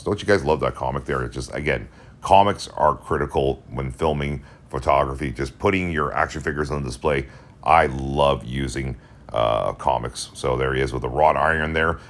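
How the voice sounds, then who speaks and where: A man doing a casual voice-over for a toy review, gushing with enthusiasm and talking straight to his viewers. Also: extremely low pitch.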